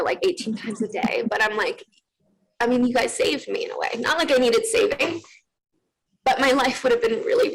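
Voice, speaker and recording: A woman's voice: on the high side, vocal fry, a bit bright, rough recording. A woman in her twenties, a guest on a TV interview, telling a personal story in an earnest, rambling way with many fillers.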